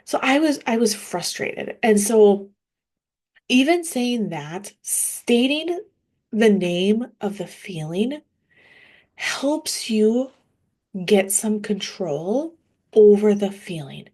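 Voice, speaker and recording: A woman's voice: mid-range voice, lively intonation, takes it slowly, a little mellow. A woman in her thirties speaks as a grief coach in an everyday mid-range voice. Her talk is casual and earnest, full of fillers and restarts, and she keeps encouraging the listener. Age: 30s.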